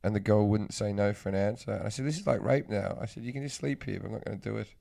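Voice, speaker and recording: A man's voice: fairly low pitch, creaky, dark tone. Man cracking teasing jokes on a podcast. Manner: teasing, quick joking interjections. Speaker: podcast co-host. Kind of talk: casual podcast banter.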